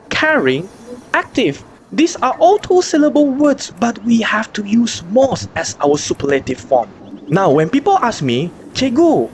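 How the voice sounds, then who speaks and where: Lively woman teaching grammar. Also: medium pitch. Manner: spells out letters slowly, asks rhetorical questions. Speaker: English teacher. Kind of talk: online grammar lesson.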